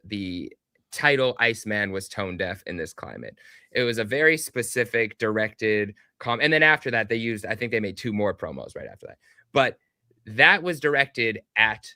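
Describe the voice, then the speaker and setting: A man on a podcast, laying out his side of an online dispute in a measured way with fillers. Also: fairly low pitch, pushed and bright, clean tone, no echo, clean studio sound. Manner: measured, explaining with hesitant fillers. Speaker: podcast guest. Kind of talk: casual podcast chat.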